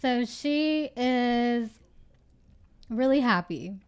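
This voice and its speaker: A woman's voice: on the high side, lively intonation, extremely slow, a little mellow, clear, resonant tone. A young woman co-hosting a podcast, chatting casually about a book, laughing often and acting out quotes. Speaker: podcast co-host.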